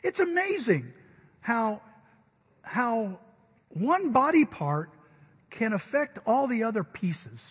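High-voiced man preaching in a reverberant hall. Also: slow, long pauses, breathy edge. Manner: animated, acts out quotes and cries out. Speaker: pastor. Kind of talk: sermon with storytelling.

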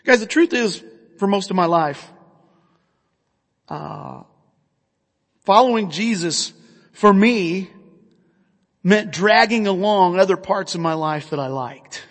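Earnest high-voiced male preacher in a hall. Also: lively intonation, slow pace, long pauses. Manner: earnest, conversational preaching with rhetorical questions. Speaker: pastor. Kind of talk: sermon.

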